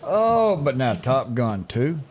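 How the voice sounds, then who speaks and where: A man's voice: medium pitch, sing-song, takes it slowly, a crowd in the background. An easygoing man co-hosts a casual talk show, mostly agreeing with his partner. His voice rises and falls with plenty of movement. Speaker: co-host. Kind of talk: casual radio chat.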